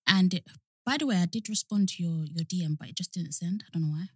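A woman's voice: lowish voice, fast talker, darkish tone, breathy edge, no room sound, studio quality. A young woman co-hosting a podcast in casual chat, full of "like" and "you know". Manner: chatty, frequent "like" and "you know" fillers. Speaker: podcast co-host.

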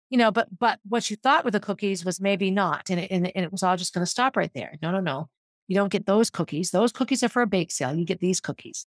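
Woman, ex-teacher, mid-pitched, vivid storyteller, dry close recording. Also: no echo. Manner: vivid, descriptive, guiding listeners through a scene. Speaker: former teacher telling a personal story. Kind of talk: personal storytelling monologue.

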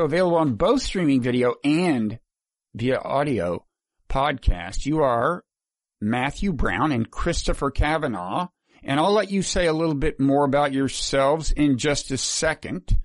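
A man hosting an interview podcast, introducing his guests with many fillers and pauses. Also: fairly high pitch, animated, no echo. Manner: halting, filler-heavy. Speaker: podcast host.

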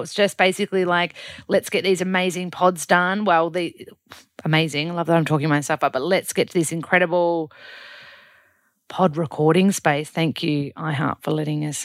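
A woman with an Australian accent and a low voice, giving an upbeat, casual diary-style check-in as a podcast host in a studio. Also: no room sound. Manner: chatty, upbeat, self-deprecating.

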